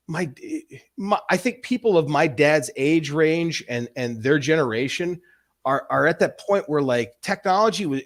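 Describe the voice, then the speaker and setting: A man in his forties chats loosely on a livestream, circling back and restarting his sentences as he goes. His pitch sits a little on the high side, and he swears casually. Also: a bit bright. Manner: rambling, restarts often, swears freely. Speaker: stream host.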